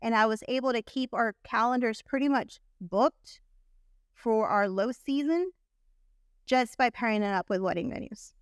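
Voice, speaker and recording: A woman's voice: a little high, normal speed, smooth, no room sound, clean studio sound. A woman in her forties, a guest on a podcast, telling a personal story in an earnest, chatty way. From Texas. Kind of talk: casual interview.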